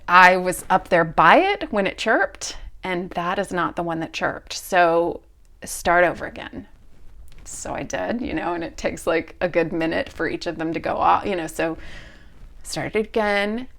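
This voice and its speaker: A middle-aged woman hosting a podcast, telling a story in an animated way and acting out both sides of a conversation. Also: fairly low pitch, measured pace. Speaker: podcast host. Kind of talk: storytelling monologue.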